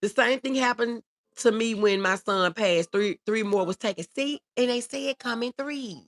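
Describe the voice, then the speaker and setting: On a casual livestream, a middle-aged woman reads viewer comments aloud, sounding warm and emotional as she talks. Her voice is on the high side, delivered at normal speed.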